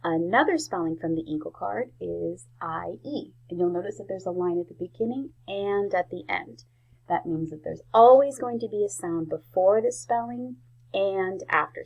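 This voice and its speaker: A woman teaching a spelling lesson to young children, slowly sounding out each word. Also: on the low side, dull audio. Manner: slow, clear sounding-out of words. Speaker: first grade teacher.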